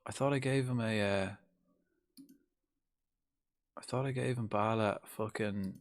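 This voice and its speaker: A man's voice: on the low side, a little slow. A young man streaming a football management game, muttering to himself, swearing and chatting loosely with his viewers. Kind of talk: casual live-stream commentary.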